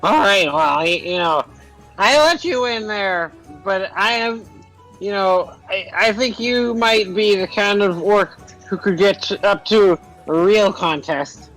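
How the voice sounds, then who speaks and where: High-voiced man playing a bragging goblin. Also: takes it slowly, a bit bright, soft background music, low-quality recording. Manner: boastful, hammy in-character banter. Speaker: player. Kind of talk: playing a goblin in a tabletop game.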